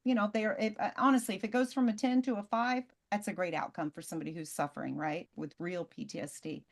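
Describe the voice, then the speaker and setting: Animated woman telling stories on a video call. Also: on the low side. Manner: lively, casual, tells stories in quick bursts. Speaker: presenter.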